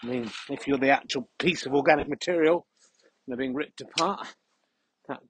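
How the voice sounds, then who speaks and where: A man hosting a podcast, talking in a deadpan, mock-serious ramble while walking a dog through the countryside. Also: mid-range voice, normal speed, breathy edge, rough recording. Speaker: podcast host. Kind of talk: comic rambling monologue on a walk.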